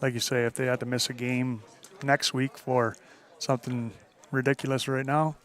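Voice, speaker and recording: An easygoing man calls play-by-play for a local football broadcast. His delivery is folksy and steady. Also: mid-range voice, moderate pace. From Northern Ontario. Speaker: play-by-play commentator. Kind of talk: live football commentary.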